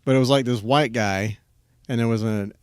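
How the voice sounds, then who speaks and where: A man's voice: mid-range voice, normal speed, clear, resonant tone, dry recording, clean studio sound. A man hosting a podcast in casual conversation, rambling with lots of fillers and restarts and laughing often. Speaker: podcast host. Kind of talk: casual interview chat.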